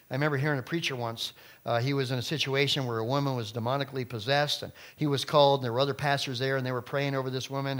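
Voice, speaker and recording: A middle-aged man preaching a sermon as pastor, emphatic, with loud stressed phrases and quiet low asides.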